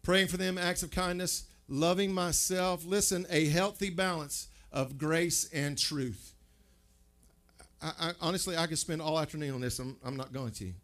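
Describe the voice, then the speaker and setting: A man's voice: on the high side, fairly even intonation, moderate pace, fairly bright tone. A male pastor preaching a sermon in a conversational way, asking the listeners questions and often stumbling over and repeating his words.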